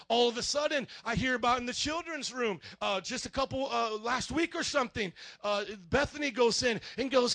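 Very high bright voice, guy pastor preaching, jokey and lively, dry close sound. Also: brisk, few pauses, no room sound. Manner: animated and joking, addresses the congregation directly. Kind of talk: sermon. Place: church.

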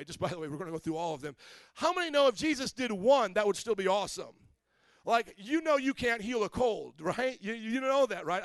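A pastor from Indiana preaches in a high, bright-pitched male voice, keeping it loose and joking. He keeps checking in with the congregation through questions. The sound is close and dry. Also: dry recording. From Indiana, USA. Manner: conversational and joking, quizzes the congregation. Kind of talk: sermon.

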